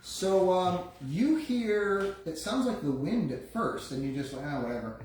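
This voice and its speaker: A game master narrates a live tabletop session, his voice slightly high for a man. He tells the scene in halting bursts, restarting his sentences. He sounds far off in a very echoey room with a faint hiss. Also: expressive, a little mellow. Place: room around a gaming table. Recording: echoey room, distant mic, faint noise.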